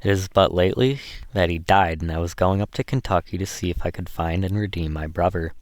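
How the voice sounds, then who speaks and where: A male audiobook reader voicing a refined freed woman who is eager and emotional, his pitch lifted a little for her lines. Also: steady tone, brisk, no echo, clean studio sound, lightly acted.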